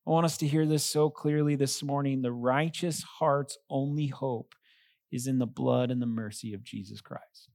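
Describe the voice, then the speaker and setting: A man, a pastor, preaching a sermon in an earnest, emphatic way, slowing down to stress key phrases. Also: mid-range voice, steady tone, gravelly, darkish tone, dry recording.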